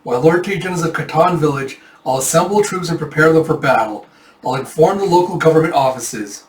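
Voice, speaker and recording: A man in a casual comic readthrough, lively and chatty as he narrates the panels. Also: on the high side, fairly quick. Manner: lively, chatty, jumps into character voices. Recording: roomy, mic at a distance.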